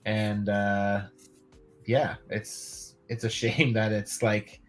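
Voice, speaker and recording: A man's voice: fairly low pitch, little pitch movement, very slow, soft background music. A man hosting a casual live stream, laid-back, laughing often and swearing now and then. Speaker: host of a live customizing stream.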